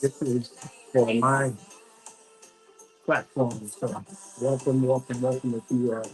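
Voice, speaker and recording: A man's voice: medium pitch, flat delivery, slow pace, darkish tone, soft background music, poor audio. A man hosting a livestream, chatting loosely with viewers while waiting to start an interview. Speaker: livestream host. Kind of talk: casual livestream chat.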